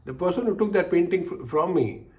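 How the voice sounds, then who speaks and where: This older man's voice sits high, warm and expressive, and he talks fairly quickly. Turning his personal stories into life lessons, he imitates the people he quotes and repeats phrases for emphasis.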